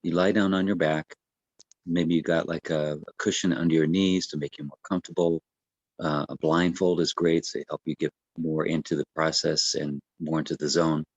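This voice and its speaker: A man, a breathwork coach, explaining the practice in a gentle, unhurried way with many fillers and restarts. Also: rumbling low, flat delivery, no room sound, muffled recording. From United States. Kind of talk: casual explanatory talk.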